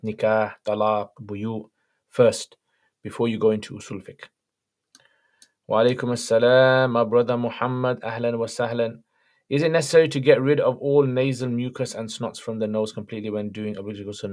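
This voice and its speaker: A man hosting a casual livestream Q&A, reading viewer questions aloud and answering them plainly in a relaxed, conversational way. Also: mid-range voice.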